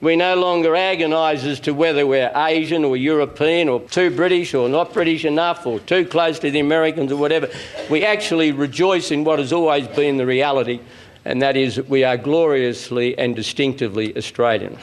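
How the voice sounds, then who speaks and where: An older man, a former national leader, speaking in a documentary interview with a measured, insistent manner that sometimes repeats words. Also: on the high side, slight background noise.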